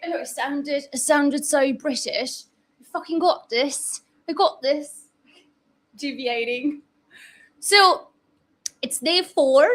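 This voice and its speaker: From home in Dubai, a woman with a high, slightly bright voice hosts a live online class and chats casually with her audience, cursing occasionally. She uses a desk mic but sometimes moves away from it.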